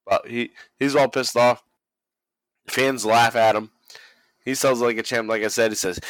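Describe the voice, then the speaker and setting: A man's voice: mid-range voice, steady tone, measured pace, pauses often, a bit bright, dry recording, low-quality recording. Profane laughing man with a dry sound. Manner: mimics people he quotes. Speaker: podcast host. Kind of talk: casual chat recapping wrestling.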